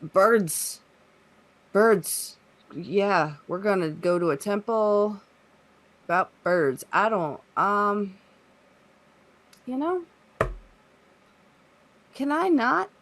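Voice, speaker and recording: A nervous, stammering adventurer with a jittery, raised voice, played by a man at a tabletop game. His lines break off in fear, and his voice has a gravelly edge. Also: sits high, steady tone, unhurried, fairly bright tone, voice pushed up. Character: nervous, bird-fearing male adventurer.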